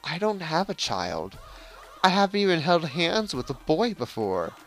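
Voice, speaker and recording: A man reading game dialogue aloud and voicing a brash young woman in a raised, flustered falsetto. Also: very animated, a little slow, faint music behind.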